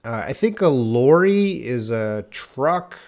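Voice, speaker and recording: A man's voice: medium pitch, sing-song, slow, a little mellow. A man giving a casual live-stream lesson, chatting to viewers by name and laughing at his own slips. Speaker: English teacher.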